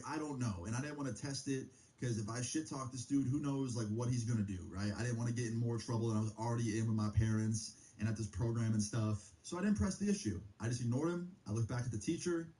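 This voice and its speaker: Casting note: young male streamer, laid-back storyteller, dark mellow tone, loose and profane. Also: mid-range voice, poor audio. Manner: rambling, profane, heavy use of filler like. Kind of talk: casual storytime.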